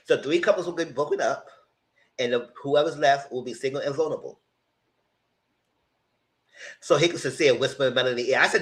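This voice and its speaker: A man giving a casual live recap of a reality dating show, animated and slangy, with mocking asides to the contestants. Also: medium pitch, fairly quick, pauses often. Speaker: reality TV reviewer.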